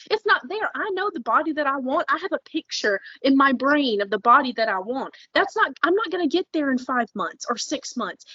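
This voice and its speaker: A woman's voice: high-pitched, fairly bright tone, slightly rough, dry recording, highs cut off. A woman co-hosting a podcast in casual chat, blunt and fired up, swearing freely. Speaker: podcast co-host.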